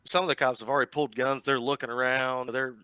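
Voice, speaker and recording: Bright-voiced man running a tabletop game. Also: medium pitch, quick pace, clean tone, no room sound. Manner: casual, animated storytelling. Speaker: game master.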